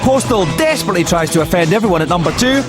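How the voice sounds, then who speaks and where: A man's voice: sits high, animated, racing, music in the background. A man hosting a video game TV show in a wry, mock-pompous, jokey style. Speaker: host. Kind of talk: comic scripted TV presenting.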